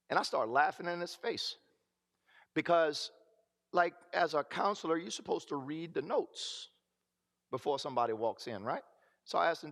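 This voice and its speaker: A man's voice: on the high side, expressive, normal speed, long pauses, fairly bright tone. A man preaching a personal testimony, telling his story and acting out the voices of people in it. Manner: storytelling, acts out quoted voices. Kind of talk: testimony sermon. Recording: reverberant hall.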